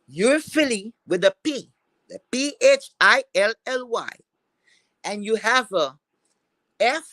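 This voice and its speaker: A woman's voice: fairly high pitch, lively intonation, slow pace, pauses often, a bit bright, no echo. A woman with an accent, hosting a livestream and delivering a profane, scolding rant at someone in a mock-teacher tone. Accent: has a non-standard accent. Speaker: livestream host. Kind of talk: angry rant to viewers.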